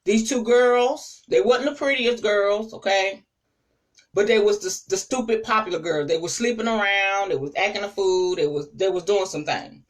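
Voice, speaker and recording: A woman apostle telling stories in a sermon, lively and conversational, speaking straight to her listeners. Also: medium pitch, normal speed, distant mic, low-quality recording. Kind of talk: storytelling sermon to a live audience.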